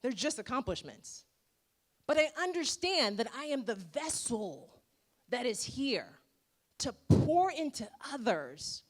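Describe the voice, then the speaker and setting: A woman in her forties, a dentist giving an emphatic, rhetorical motivational speech with dramatic pauses at a gala. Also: on the high side. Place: gala event room.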